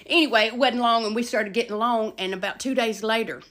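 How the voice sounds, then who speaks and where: A middle-aged woman telling a casual storytime, animated, with loud emphasis and hushed asides. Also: fairly high pitch, fast talker.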